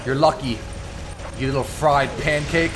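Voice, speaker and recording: A man with a slightly high voice delivers excitable live commentary on his gameplay. He taunts the opposing players as he goes. Faint background music runs beneath his voice. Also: unhurried. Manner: excitable, trash-talking the enemies. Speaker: gaming YouTuber.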